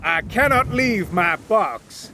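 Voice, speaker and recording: A man's voice: high-pitched, animated, slow pace, sharp tone, a little hiss or hum, voice pushed up, exaggerated voice. A man voicing a frightened, half-mad man who stubbornly pleads to keep his box. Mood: desperate.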